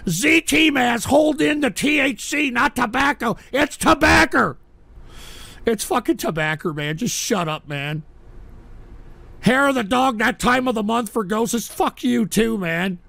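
A man hosting a live call-in stream, ranting and shouting with profanity, choked up and tearful. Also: very high-pitched, lively intonation, measured pace, vocal fry, dry recording. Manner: shouting, profane, whiny and fed up.

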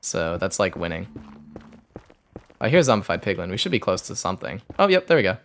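A man's voice: low-pitched, very animated, fairly quick, fairly bright tone. Man mumbling through a game stream. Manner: mumbling running commentary to himself. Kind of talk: live gameplay commentary.

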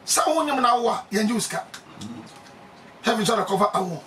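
A man with a Ghanaian accent preaching emphatically, laughing often and breaking into shouts. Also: high-pitched, animated, fast, recorded from a distance, slight background noise. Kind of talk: animated preaching.

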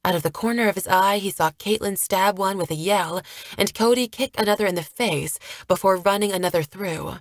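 A woman narrating an audiobook chapter, reading a fast action scene in a steady storytelling manner. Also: medium pitch, no echo. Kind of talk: scripted narration.

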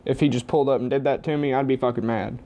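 Blunt, profane man with a mellow voice. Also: medium pitch, steady tone, fast, slight background noise. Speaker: vlogger. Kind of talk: opinionated casual monologue. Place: home, with a TV on.

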